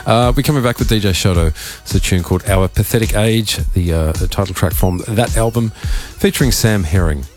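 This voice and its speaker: Australian male radio DJ with a croaky, very low voice, loose, joking, filler-heavy chat. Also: a little fast, hardly any pauses, darkish tone, faint music behind. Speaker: radio host and DJ. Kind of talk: casual live radio talk. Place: radio studio.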